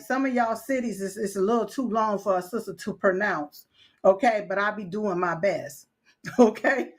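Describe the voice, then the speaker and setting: A woman hosting a live-stream show, chatty and playful, with many fillers and laughs at her own jokes. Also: medium pitch. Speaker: show host. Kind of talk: casual live-stream chat.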